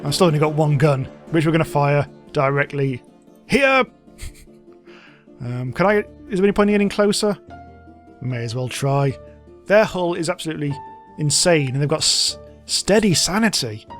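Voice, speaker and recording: A man's voice: on the high side, moderate pace, soft background music. Chatty man playing a game. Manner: chatty, giggly, reads game text aloud. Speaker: let's play host. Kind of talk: casual gameplay commentary.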